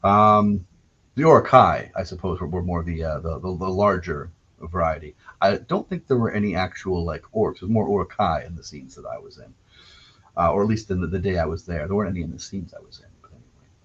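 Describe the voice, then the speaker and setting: A man's voice: low voice, fairly quick, fairly bright tone, slightly rough. A man from Canada hosting a solo podcast, telling rambling, digressive anecdotes with wry self-corrections. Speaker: podcast host. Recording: dull lo-fi recording.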